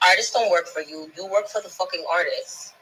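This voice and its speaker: A woman's voice: on the low side, fairly quick, a bit bright, a little hiss or hum, low-quality recording. A woman, ranting scornfully at someone, swearing constantly and stumbling over repeated words when she gets heated. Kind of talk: profane ranting monologue.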